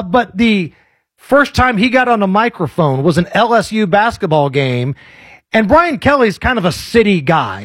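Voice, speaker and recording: A man hosting a commentary show, mocking fake accents in a casual, animated way. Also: high voice, slightly rough, no room sound. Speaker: host.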